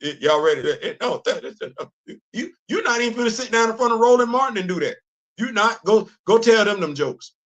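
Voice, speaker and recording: A man hosting a comedic live-stream commentary, talking in an animated, teasing, emphatic way. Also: high voice, a little fast. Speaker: host.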